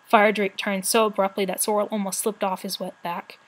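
A woman narrating a novel aloud for her channel, in steady storytelling. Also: medium pitch, normal speed, hardly any pauses. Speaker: channel host reading aloud.

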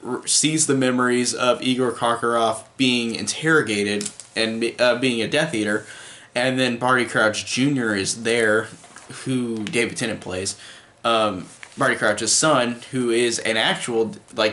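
A man's voice: medium pitch, steady tone, a little slow, sharp tone. A man giving a casual, rambling film review, full of fillers and restarts.

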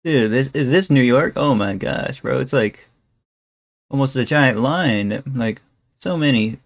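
A man streaming casual reaction commentary, talking to his chat in a relaxed, slangy way. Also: medium pitch, measured pace, slight background noise. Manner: laid-back slangy, calls chat bro and guys.

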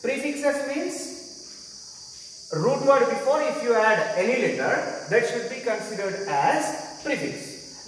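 A man with an Indian English accent lectures on English grammar, speaking slowly with a high, lively voice. He repeats each point and asks the class questions as he goes. The sound is roomy and distant, as if caught by a camera across an echoey classroom. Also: a little hiss or hum. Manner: slow, repetitive explaining with questions to the class. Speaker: English teacher. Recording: echoey room, voice far from mic.

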